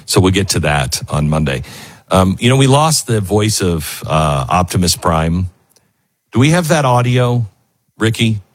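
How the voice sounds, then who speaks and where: Husky, emotional talk show host. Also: male voice, low-pitched, big pitch swings, a little slow, no room sound. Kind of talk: casual commentary.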